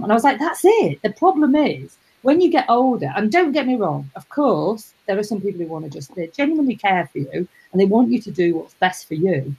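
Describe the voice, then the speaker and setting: A middle-aged woman hosting a casual live chat, rambling warmly and greeting viewers. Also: medium pitch, creaky, breathy edge, low-quality recording. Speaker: host.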